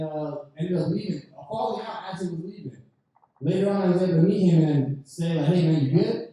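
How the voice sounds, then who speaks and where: High, loose-talking comedian in echoey lounge. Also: male voice, dark tone. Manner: loose, profane, rambling storytelling. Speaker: stand-up comedian at open mic. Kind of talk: storytelling stand-up set. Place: lounge open mic night. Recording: very echoey room from far off.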